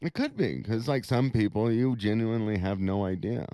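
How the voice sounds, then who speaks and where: Brief: male podcast co-host, low pitch, animated swings, blunt and provocative, dry close sound. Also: normal speed, clear, resonant tone, no room sound. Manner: blunt, provocative, laughs at own remarks. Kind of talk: casual opinionated chat.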